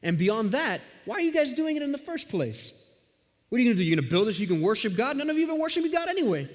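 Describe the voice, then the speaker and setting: A man's voice: on the high side, sing-song, fairly quick. A man voicing a mocking male enemy who ridicules the builders, heard with long hall reverb. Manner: sneering, ridiculing.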